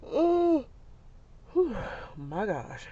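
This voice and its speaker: A young woman, a mother, telling a family story in a chatty, animated way, with many fillers and frequent laughs. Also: on the high side, extremely slow, husky. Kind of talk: casual storytelling vlog. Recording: dull lo-fi sound.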